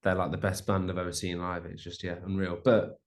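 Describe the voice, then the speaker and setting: A young man talks casually as an interview guest, restarting and padding his sentences with fillers. His voice sits a little low. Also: little pitch movement, fairly quick. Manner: chatty, rambling with many restarts and fillers. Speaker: musician guest.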